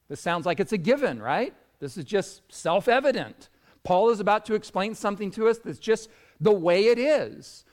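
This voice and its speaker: A man's voice: sits high, animated, normal speed. A male pastor preaching a conversational sermon with dramatic storytelling and emphatic asides.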